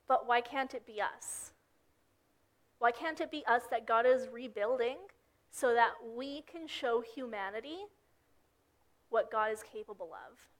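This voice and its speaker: A young woman giving a casual sermon, telling Bible stories and acting out the characters' lines. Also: fairly high pitch. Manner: storytelling, acts out characters' lines. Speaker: preacher.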